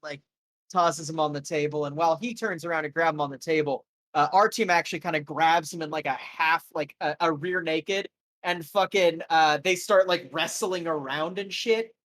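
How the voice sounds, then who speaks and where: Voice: mid-range voice, fairly even intonation, normal speed, fairly bright tone. Rambling, casual game master. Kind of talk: narrating a tabletop game.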